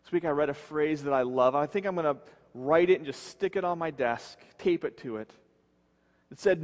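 A man preaching a sermon as pastor, earnest, slowing and dropping his voice low to stress key words. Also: lively intonation, long reverb tail. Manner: earnest, slows and drops low for emphasis.

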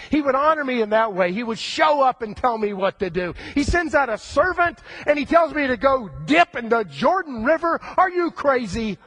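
A preacher doing a haughty, indignant general. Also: male voice, very high voice, fairly bright tone, slightly rough, no echo, voice pushed up, heavily acted. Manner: indignant, scornful.

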